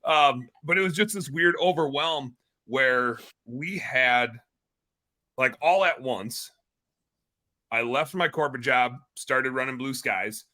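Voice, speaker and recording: Excitable guy in his 30s, swears a lot, podcast guest, bright tone. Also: medium pitch, slow. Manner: energetic, excitable, swears casually. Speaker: guest entrepreneur. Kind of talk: casual podcast conversation.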